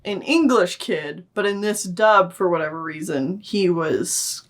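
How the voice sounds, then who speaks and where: A woman's voice: on the low side, a little slow. Wry young woman co-host. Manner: wry, blunt, laughs often. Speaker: podcast co-host. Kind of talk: casual movie review chat.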